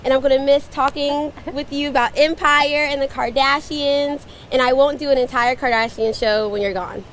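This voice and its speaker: A woman's voice: high-pitched, steady tone, normal speed, fairly bright tone, a little hiss or hum. A woman recording a casual, giggly farewell message to a coworker. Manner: giggly, casual, loses her place.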